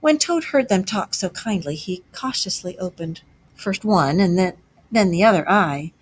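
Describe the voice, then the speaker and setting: A woman teacher narrating a storybook aloud to a class, with expressive delivery. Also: mid-range voice, moderate pace, a little hiss or hum.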